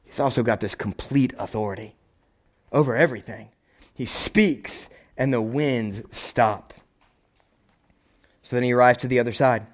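A man preaching a sermon, animated and conversational, acting out little voices and asking "right?" again and again. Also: medium pitch. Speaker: pastor.

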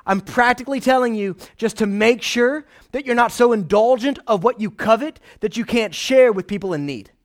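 A pastor preaching a casual, animated sermon, often checking in with his listeners. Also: extremely high pitch, moderate pace, hardly any pauses. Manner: conversational, animated, frequent "right?" asides.

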